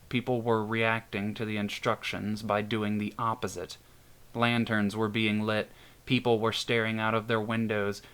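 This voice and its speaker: A man narrating a scripted horror story in a steady storytelling manner. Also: lowish voice, clear, resonant tone. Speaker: narrator and author.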